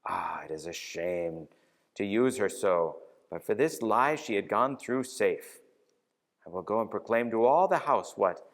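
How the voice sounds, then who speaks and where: A gruff, proud knight who blusters in earnest, as a man reading the story puts him on. His voice sits fairly low and swings widely in pitch. It carries a long church-hall echo. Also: lively intonation, measured pace. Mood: indignant.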